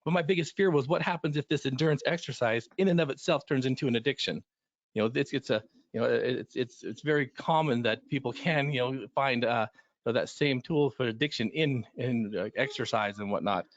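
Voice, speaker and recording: A middle-aged man who coaches runners in recovery tells stories on a panel in an earnest, rambling way full of restarts. His medium-pitched voice is fairly quick with no echo, on slightly dull lo-fi audio.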